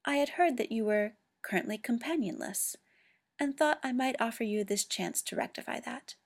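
A woman voicing a cool, aloof government man who speaks in a measured, clinical way. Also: a little high. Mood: dry.

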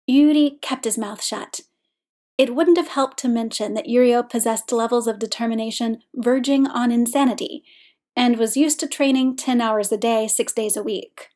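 A woman reading a story aloud in steady, scripted narration. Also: on the high side, moderate pace. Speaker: audiobook reader.

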